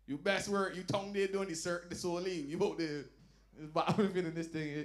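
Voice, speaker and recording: A man performing a stand-up comedy set, telling loud, animated stories and dropping into low asides. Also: fairly quick. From Barbados. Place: lounge comedy night.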